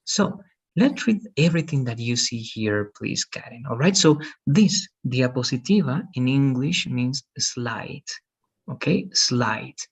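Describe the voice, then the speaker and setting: A man's voice: medium pitch, animated, a little slow, slightly rough. A man teaching English in an online lesson, patient and repeating "okay" and "right" often, heard over a video call.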